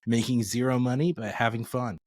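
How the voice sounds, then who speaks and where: A man's voice: mid-range voice, steady tone, brisk, darkish tone, dry recording. A man hosting a podcast in a loose, cheerful way, running through a sign-off with casual swearing. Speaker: podcast host. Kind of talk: casual chat. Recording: dry close sound.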